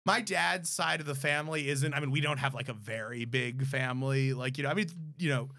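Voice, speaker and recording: A man's voice: medium pitch, fairly quick, sharp tone, no room sound, clean studio sound. A young Canadian man co-hosting a comedy podcast, telling a rambling, self-deprecating story in casual chat. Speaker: podcast co-host.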